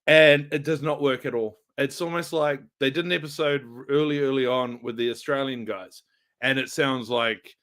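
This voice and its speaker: A man chatting casually as co-host of a streamed podcast, an animated storyteller who laughs often. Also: mid-range voice. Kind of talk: casual chat.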